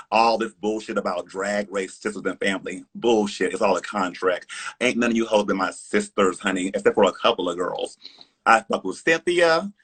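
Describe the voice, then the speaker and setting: A man's voice: on the low side, a bit bright, slightly rough. A man, a drag performer, ranting defiantly on a live stream, sassy and heated, swearing often and calling listeners honey.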